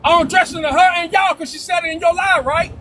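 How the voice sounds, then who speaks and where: A man arguing heatedly on a live-stream panel, loud and profane, repeating himself and talking over the others. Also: extremely high pitch, fairly even intonation, fast, background noise.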